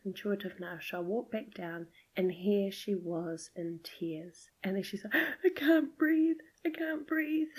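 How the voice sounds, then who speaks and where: A middle-aged woman hosting a podcast, gently telling a personal story in a soft, often half-whispered voice. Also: fairly low pitch, rough recording. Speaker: podcast host.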